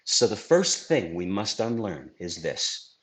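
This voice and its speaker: Deep and slow, this middle-aged man is a sales trainer delivering a scripted video lesson on influence. He's a lively, emphatic presenter who keeps asking rhetorical questions.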